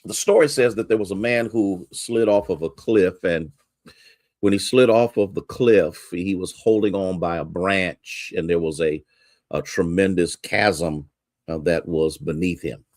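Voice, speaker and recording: A man's voice: low-pitched, a little slow, a little mellow, no room sound, studio quality. A male pastor preaching a sermon, repeating key lines for emphasis and greeting listeners by name.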